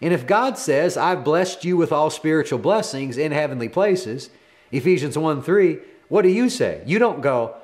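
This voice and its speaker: A middle-aged man preaching a broadcast sermon in an animated, emphatic way, repeating phrases for effect. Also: a little high, moderate pace.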